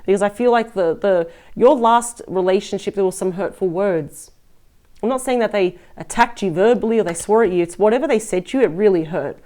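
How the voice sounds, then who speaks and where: A woman's voice: medium pitch, fairly quick, warm tone. A woman giving a casual, effusive and chatty tarot reading as the host of her channel. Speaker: tarot reader.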